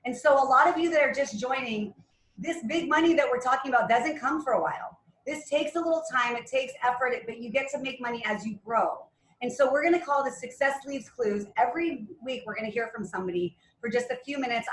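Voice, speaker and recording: A woman's voice: high voice, reverberant, low-quality recording. A woman leading a team call, chatty and full of praise for her team. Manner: warm praise, chatty with fillers. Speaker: call leader.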